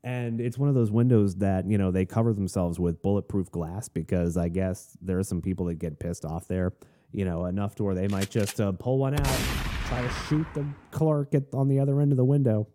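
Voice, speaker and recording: A man's voice: lowish voice, steady tone, brisk, noisy background. A man hosting a podcast, telling a long anecdote in a rambling, wry, self-deprecating way. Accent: none, non-Southern American. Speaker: podcast host. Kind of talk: casual anecdotal storytelling.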